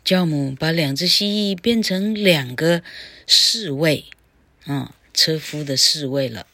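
Slow, low-voiced woman teacher. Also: pushed and bright, dry recording. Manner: slow, careful reading aloud. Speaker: English teacher. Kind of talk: bilingual storybook lesson.

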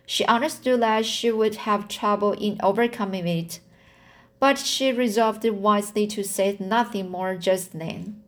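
Woman, amateur novel reader, slow and stumbling, lots of restarts. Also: mid-range voice. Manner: halting, with slips, fillers and restarts. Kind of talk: reading a novel aloud.

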